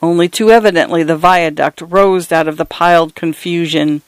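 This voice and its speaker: A man narrating a story in a measured, deliberate manner. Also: a little high, steady tone, smooth, no room sound.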